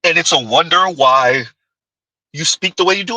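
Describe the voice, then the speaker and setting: Bright, husky-voiced man mocking clips. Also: fairly high pitch, moderate pace, no echo, low-quality recording. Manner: mocking, giggling, rambling. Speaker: streamer. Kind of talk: casual commentary on clips.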